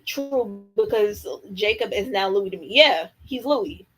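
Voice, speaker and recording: A woman's voice: mid-range voice, expressive, measured pace, a bit bright, rough recording. A young woman hosting a casual livestream, candid and opinionated, talking in slang and answering viewer comments. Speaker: livestream host. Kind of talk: casual live-stream chat reacting to viewer comments.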